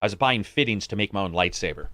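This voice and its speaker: A man's voice: fast, dry recording. A man from the United States co-hosting a podcast, chatting casually and swearing freely. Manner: animated, swears freely, acts out greetings in a higher voice. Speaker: podcast co-host. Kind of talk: casual chat.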